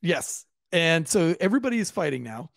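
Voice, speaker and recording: A police officer tells a wild story in a casual, profane way, slipping into the voices of the people involved. His voice is a little high and gravelly, and it is recorded dry and close with no room echo. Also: brisk. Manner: profane, lively, acts out quoted voices.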